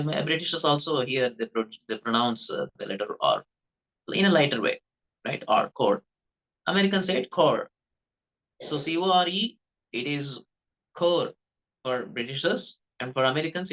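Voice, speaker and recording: A man's voice: mid-range voice, animated, normal speed, fairly bright tone, poor audio. A man with a Telugu-influenced Indian English accent, teaching English pronunciation in a casual spoken lesson and often checking in with "okay, right?". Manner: repeats "okay, right?" and "you know", demonstrates sounds.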